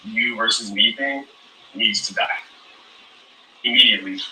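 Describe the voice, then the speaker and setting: A man answering questions at a reunion, measured and defensive, heard from a distance in an echoey space. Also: on the low side, very noisy. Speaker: reality show contestant.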